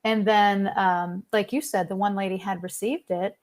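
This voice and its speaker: A woman speaking as a guest in an enthusiastic, storytelling way, her voice at a middle pitch. She acts out what people said as she tells it, with lively ups and downs. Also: moderate pace. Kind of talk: casual spiritual conversation.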